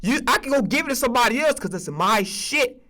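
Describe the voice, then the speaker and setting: A man hosting a sports streaming podcast, ranting in a casual, profane, animated way and repeating himself as he vents. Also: very high-pitched, fairly quick.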